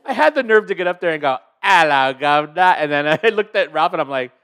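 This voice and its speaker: A man's voice: high voice, big pitch swings, fast, fairly bright tone. A man co-hosting a casual podcast chat, playful and laughing often as he trades jokes and impressions. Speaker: podcast co-host.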